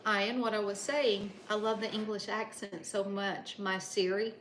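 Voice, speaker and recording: A woman's voice: mid-range voice, steady tone, measured pace, a bit bright, slight background noise. Chatty grandmother cooking on a livestream. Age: older. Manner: chatty, motherly, talks to viewers by name while cooking. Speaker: livestream host. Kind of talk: casual cooking livestream chat. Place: home kitchen.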